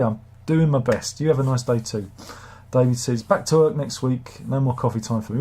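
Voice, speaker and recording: A man hosting a live stream reads out chat comments and grumbles sardonically in a rambling, casual way. His mid-range voice is warm and brisk, with a little hiss or hum in the audio.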